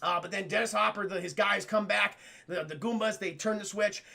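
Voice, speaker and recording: A man casually recapping a film for his livestream chat, excitable and profane, often calling out to the chat. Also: high-pitched, fairly quick, vocal fry. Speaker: streamer film reviewer.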